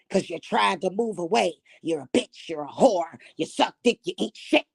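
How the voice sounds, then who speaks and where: A woman vlogger ranting angrily to her viewers, swearing heavily, repeating insults and rising to shouts. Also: lowish voice, measured pace, vocal fry, no room sound, studio quality. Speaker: spiritual vlogger. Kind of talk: angry rant to camera.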